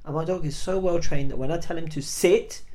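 A man's voice: on the high side, a little fast, mellow. A man in casual chat, animatedly telling street stories and acting out both sides.

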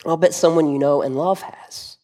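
A man's voice: a little high, fairly even intonation, normal speed, a little mellow. A man preaching a sermon as pastor, explaining scripture verse by verse and retelling scenes vividly with rhetorical questions to the listeners.

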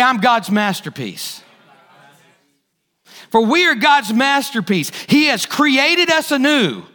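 A man's voice: extremely high pitch, bright, forceful tone. A male pastor preaching a sermon, repeating key phrases for emphasis and asking the congregation questions. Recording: hall reverb.

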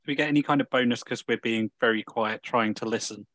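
A man's voice: medium pitch, steady tone, quick pace, fairly bright tone, no room sound. A man playing a tabletop game over a voice call, chatting casually and explaining the rules. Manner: rules-minded, explaining mechanics. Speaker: player. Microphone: home mic on a voice call.

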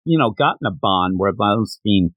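A man's voice: lowish voice, normal speed, dry recording. A man co-hosting a podcast, recapping a manga chapter in casual chat and acting out the characters' lines. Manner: animated, acts out character lines in voices. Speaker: podcast co-host.

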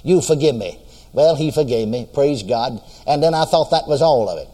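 Fervent preacher man with lively pitch. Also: moderate pace. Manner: fervent, exclaims praises between sentences; repeats phrases for emphasis. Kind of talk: sermon. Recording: long hall reverb.

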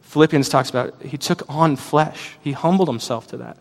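A man's voice: a little high, normal speed, vocal fry. A man preaching a sermon as a pastor, earnest and reflective, telling personal stories. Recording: long hall reverb.

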